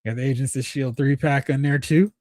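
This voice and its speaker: A man's voice: medium pitch, steady tone, a little fast, a little mellow. A man with a mid-range voice hosts a live stream in a loose, rambling way. He reacts with enthusiasm, speaks straight to the people in his chat, and often stops to restart a thought. The sound is dry and close, with no room echo. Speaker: toy collecting show host. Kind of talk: casual livestream chat.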